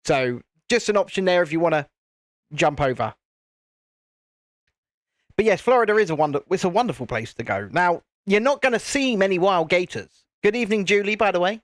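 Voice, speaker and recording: High-voiced, chatty British man. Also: lively intonation, a little fast, no echo, clean studio sound. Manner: chatty and jokey, laughs often, restarts sentences. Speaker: live-stream host. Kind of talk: casual chat while building, answering viewer comments.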